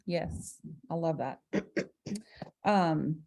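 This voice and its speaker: A woman with a slightly low voice hosts a casual conversation. She sets up each topic in a measured way and sounds encouraging, with some fillers along the way. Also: gravelly, warm tone. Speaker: host. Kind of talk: casual recap chat.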